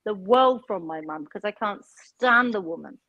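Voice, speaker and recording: A woman's voice: medium pitch, expressive, normal speed, bright, forceful tone, no echo, muffled recording. Sweary English woman, dry close voice. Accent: Sheffield English. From England. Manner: blunt, sweary storytelling. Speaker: co-host. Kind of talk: casual chat.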